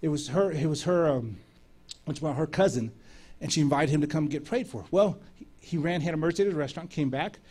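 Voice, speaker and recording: A man preaching, telling a lively story and acting out the dialogue of the people in it. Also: a little high, fairly quick, husky. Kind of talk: sermon storytelling.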